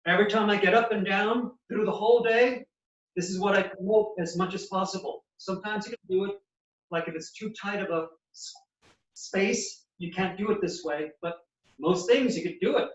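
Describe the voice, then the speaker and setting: Seorang pria bersuara tinggi memperagakan latihan lutut, terdengar jauh dan bergema di ruangan, suara agak redup. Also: male voice, high voice, normal speed. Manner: instructive, explains while demonstrating movements. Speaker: physical therapist. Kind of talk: exercise demonstration. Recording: echoey, distant, dull sound.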